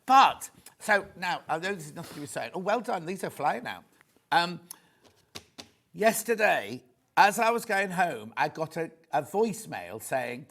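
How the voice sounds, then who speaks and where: Broadcasting live from a TV studio, this shopping-channel presenter has a slightly high, slightly bright voice that is expressive and moves at a normal speed. His sales demo chat rambles and gushes, full of asides.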